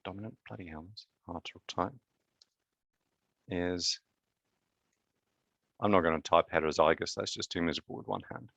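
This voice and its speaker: A man's voice: low-pitched, moderate pace, vocal fry, long pauses, fairly bright tone, no echo, lo-fi sound. A man lecturing on genetics in a live online class, chatty and quizzing students with joking asides.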